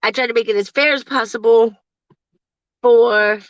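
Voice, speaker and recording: A woman in her forties chatting casually to viewers from her parked car, laughing often and getting animated when she quotes people. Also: fairly high pitch, moderate pace, dry recording, muffled recording. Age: 40s. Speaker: livestream host.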